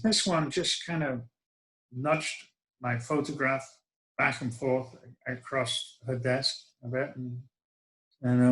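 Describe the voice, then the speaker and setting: A man's voice: fairly high pitch, a bit bright, low-quality recording. A middle-aged man, telling a personal story in a reflective, wry way with hesitant restarts. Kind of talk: first-person spoken storytelling.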